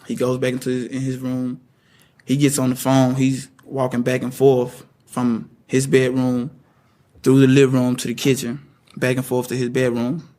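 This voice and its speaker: A young man giving a first-person account of events, halting and repeating his words. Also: mid-range voice, monotone, warm tone. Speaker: witness recounting events.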